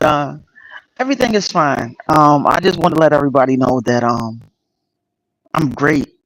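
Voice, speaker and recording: A man hosting a casual livestream, greeting viewers by name and speaking earnestly and emotionally about his spiritual path, with many pauses and fillers. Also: fairly high pitch, no room sound. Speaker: channel host. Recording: dull lo-fi dry sound.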